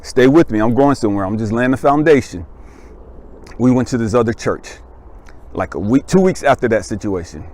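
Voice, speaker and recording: Briskly and with plenty of animation, a male life coach and motivational speaker relates a personal story, laughing along and checking that the listener is with him. Emphasis sends his voice much higher and louder.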